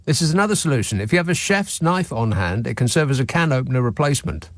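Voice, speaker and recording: A man's voice: medium pitch, lively intonation, fast talker, no room sound. Sarcastic male talk radio host. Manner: sarcastic, exasperated asides. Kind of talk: late-night talk radio chat. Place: radio studio. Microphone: studio microphone.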